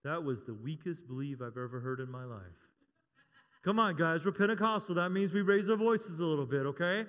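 Man, 50s, church pastor, high voice, lively and joking, reverberant hall. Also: moderate pace. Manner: lively, joking, rising to emphatic calls. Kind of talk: sermon.

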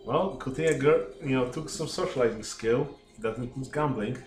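A man playing a tabletop game, easygoing and casual, often pausing on fillers. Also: medium pitch. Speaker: player. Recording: echoey room with faint music.

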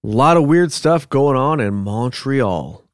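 A man's voice: mid-range voice, animated, unhurried, clear, resonant tone, no room sound, clean studio sound. A man co-hosting a podcast, reading the show's announcements and then chatting loosely with his partner. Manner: reads show announcements, then chats loosely. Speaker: podcast co-host. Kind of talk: casual podcast chat.

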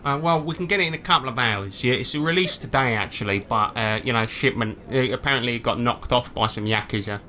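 Cheeky matey shop clerk, put on by a man, bright delivery. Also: mid-range voice, fast talker, few pauses, natural voice. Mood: pushy salesman. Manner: cheeky matey sales patter. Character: chatty male drone shop clerk, pushy salesman.

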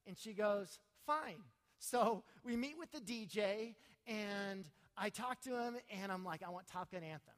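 A man's voice: high voice, measured pace, few pauses, a bit bright, in a large hall. A man in his thirties preaching, telling a personal story and then praying, his voice swelling at emotional peaks. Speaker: pastor. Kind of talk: sermon with personal story and prayer.

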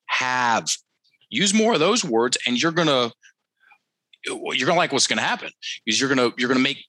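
A man's voice: medium pitch, bright, forceful tone, dry recording, poor audio. A man coaching on a headset mic, telling a client story in casual talk, acting out the quotes and often repeating himself.

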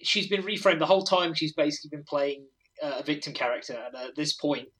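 A man with a bright, forceful voice, pitched a bit high, chats about a film. He makes his points with confidence and corrects his friends. The talk is casual. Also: quick pace, poor audio. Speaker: podcast co-host. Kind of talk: casual movie chat.

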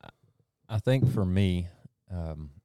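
Deep-voiced man, earnest and reflective. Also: expressive, takes it slowly, mellow, no echo, clean studio sound. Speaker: group discussion member. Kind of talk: casual faith discussion.

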